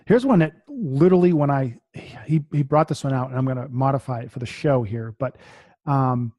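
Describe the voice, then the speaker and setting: A man's voice: mid-range voice, moderate pace, a little mellow, no room sound. A man from the US East Coast, a podcast guest, talking casually and reading affirmations aloud, often repeating his words.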